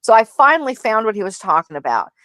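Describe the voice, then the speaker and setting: Chatty woman telling animated stories. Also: fairly high pitch, fast, no room sound. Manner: animated storytelling, acts out quoted voices. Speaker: livestream co-host. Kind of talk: casual chat.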